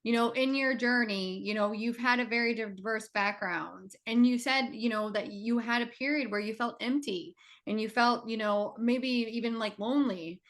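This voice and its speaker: A woman's voice: on the high side, moderate pace, few pauses, a bit bright. A woman hosting a casual interview, encouraging her guest with frequent affirmations. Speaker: host.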